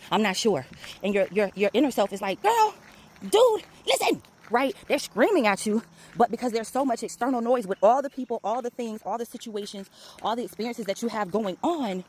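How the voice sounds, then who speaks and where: Woman, spiritual coach, casual and lively talk, quick laughs, faint noise behind her. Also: mid-range voice. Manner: lively storytelling, laughs often, slangy asides.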